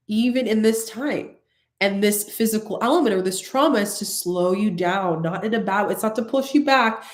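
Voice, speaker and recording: Earnest woman giving spiritual advice, echoey. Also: mid-range voice. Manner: earnest, repetitive, addresses viewers directly. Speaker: spiritual coach. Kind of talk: casual spiritual talk to viewers.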